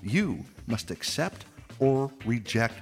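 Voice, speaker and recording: A man narrates from a script in a gravelly, mid-range voice, dropping playful, mock-regretful asides between points. His words ring out with a long reverb. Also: mid-range voice, sing-song, takes it slowly, soft background music. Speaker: apologetics video narrator.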